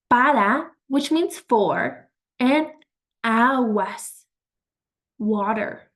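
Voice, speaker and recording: Slow, patient woman teaching vocabulary. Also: fairly high pitch. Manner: patient, encouraging, repeats words slowly. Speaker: Spanish teacher. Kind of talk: slow vocabulary lesson with pauses.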